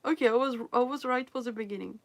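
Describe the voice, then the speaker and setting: A woman's voice: on the high side, fast. Giggly woman chatting on stream. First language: French. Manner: giggly, laughs often between phrases; hesitant, restarts sentences while searching for English words. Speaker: livestream host. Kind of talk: casual livestream chat with viewers.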